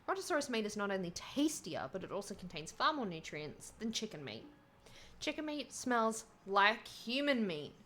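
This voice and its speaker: A woman's voice: mid-range voice, pushed and bright. A woman voicing an earnest male chicken who lectures about the meat industry in a video game, in a near-everyday voice.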